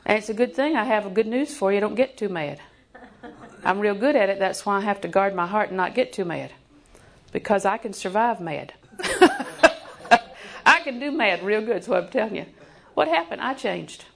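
A woman in her sixties preaching a sermon in a folksy, joking way, sometimes dropping to a hushed voice for emphasis. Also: medium pitch, lively intonation, moderate pace, creaky, long pauses.

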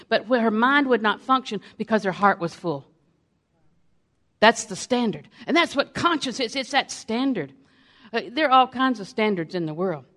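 Older woman preacher, emphatic, repeats her points, folksy sermon storytelling. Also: mid-range voice.

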